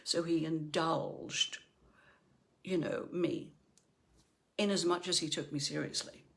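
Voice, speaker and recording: A woman's voice: low voice, steady tone, takes it slowly, creaky. A middle-aged woman from Northern Ireland, a life coach giving a chatty motivational talk and often checking in with "right?".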